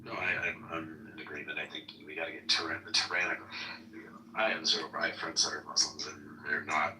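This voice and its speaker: Deep-voiced man talking politics off-mic. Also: level tone, fairly quick, sharp tone, far from the mic, a little hiss or hum. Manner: blunt, rhetorical questions, retells exchanges in quoted voices. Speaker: political talk show host. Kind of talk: casual political commentary. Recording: echoey room, off-mic, faint TV behind.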